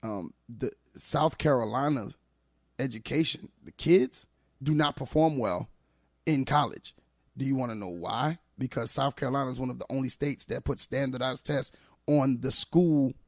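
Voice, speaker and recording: A man who works as a teacher, talking as a guest on a podcast, telling animated, emphatic stories. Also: mid-range voice, no room sound, studio quality. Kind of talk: casual podcast conversation.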